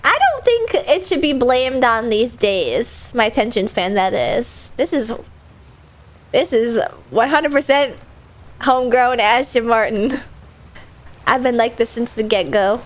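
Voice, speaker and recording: A young woman streamer chatting over gameplay, bubbly and giggly. Her high voice bounces all over the place as she talks. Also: expressive, measured pace. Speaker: VTuber streamer. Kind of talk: casual gameplay commentary.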